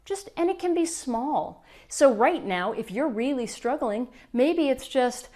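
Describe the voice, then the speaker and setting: A middle-aged woman coach telling a client story to camera, acting out the quoted dialogue with lively energy. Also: sits high, measured pace. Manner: animated, acts out quoted dialogue. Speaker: law of attraction coach.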